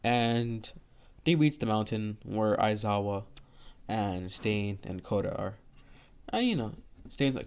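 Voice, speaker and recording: A man's voice: lowish voice, animated, slow pace, vocal fry, darkish tone, clear, resonant tone. A man telling an improvised fan story in a rambling, filler-heavy way. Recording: lo-fi dull recording.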